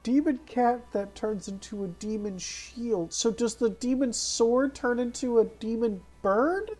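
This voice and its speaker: Slow-talking, teasing woman at a game table. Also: on the high side, mellow, a little hiss or hum. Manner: teasing, questioning. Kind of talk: tabletop role-play banter.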